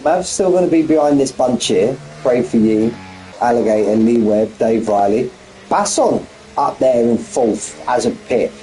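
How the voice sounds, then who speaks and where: Mellow-voiced man commentating casually. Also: mid-range voice, a little slow, faint music behind, rough recording. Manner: bantering, repeats himself, chats with viewers. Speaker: sim racing commentator. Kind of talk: casual live-stream commentary.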